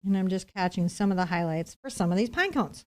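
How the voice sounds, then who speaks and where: A woman teaching acrylic painting on a live stream, explaining each step in a chatty, relaxed way. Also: fairly low pitch, fairly quick.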